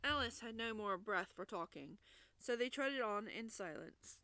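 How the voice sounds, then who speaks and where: A woman reading a classic children's book aloud, in lively narration with small restarts. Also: mid-range voice, a little slow, no echo. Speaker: storybook reader.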